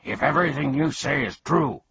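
A man reading aloud voices a steady, sensible male watchdog, with a husky voice. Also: fairly high pitch, moderate pace, no echo, voice pushed up, heavily acted. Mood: matter-of-fact. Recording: dull, dry lo-fi recording.

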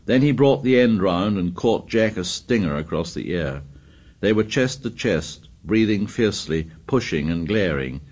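Brief: lower-pitched male narrator, steady measured reading. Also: husky. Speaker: audiobook narrator. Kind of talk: scripted narration.

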